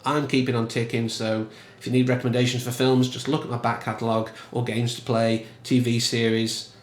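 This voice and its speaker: A man gives casual film commentary in a chatty, animated and emphatic manner. His voice is mid-pitched. The room around him has a noticeable echo. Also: brisk. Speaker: film reviewer.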